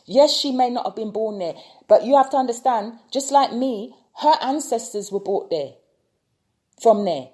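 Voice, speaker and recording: Her voice a little high and mellow, with lively intonation at normal speed, a tarot reader from the United Kingdom vlogs a passionate opinion rant. She keeps returning to repeated rhetorical questions.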